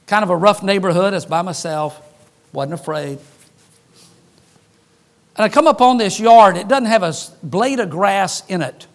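A man preaching a sermon, an animated storyteller who jokes and acts out the dialogue in his stories. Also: sits high.

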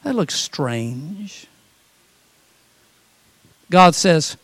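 Male pastor, middle-aged, high voice, dry close mic; lively sermon delivery with acted quotes. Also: slow, long pauses, no room sound. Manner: animated preaching with quoted voices and humor.

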